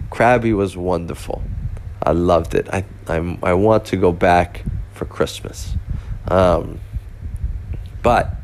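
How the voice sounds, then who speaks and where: Low-voiced rambling young man. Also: slight background noise. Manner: rambling, full of fillers and restarts. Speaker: podcast host. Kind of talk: casual travel storytelling.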